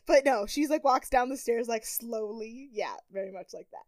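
A woman's voice: on the high side, moderate pace, hardly any pauses, a little mellow. A woman co-hosting a podcast, chatting casually about a TV show, laughing often and breaking into mocking impressions. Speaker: podcast co-host. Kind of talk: casual chat recapping a TV show.

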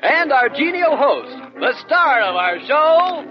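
High booming announcer guy, far off mic, band music behind, dull old radio sound. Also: sing-song. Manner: booming, drawn-out build-up. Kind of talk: broadcast announcing.

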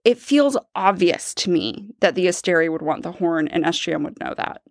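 A woman's voice: on the low side, lively intonation, moderate pace. A woman co-hosting a casual book-discussion podcast, laying out her points at length in a thoughtful way. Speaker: podcast co-host.

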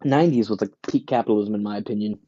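A podcast host, ranting casually and profanely, acting out quick voices for companies and shoppers. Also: male voice, fairly low pitch, highs cut off, background noise. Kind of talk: casual rant.

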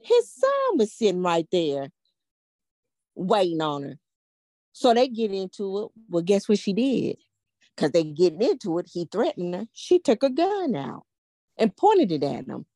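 A woman's voice: mid-range voice, wildly swooping pitch, a little slow, mellow, no echo, clean studio sound. An older woman hosting a podcast, telling a story to a live audience in a blunt, profane, emphatic way and asking a lot of rhetorical questions. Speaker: podcast host.

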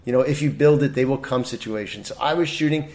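A middle-aged man talks as a guest in a relaxed interview. He tells stories animatedly and restarts his sentences often, at a pitch of ordinary height. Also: quick pace. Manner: animated storyteller, many restarts. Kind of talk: casual interview storytelling.

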